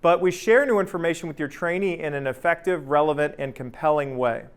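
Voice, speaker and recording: A man's voice: a little high, brisk, clean tone. A man in his thirties leading a workplace training session in a casual, conversational way, often checking in with "right?". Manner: conversational, keeps asking "right?"; energetic, acts out anecdotes. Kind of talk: casual workshop talk.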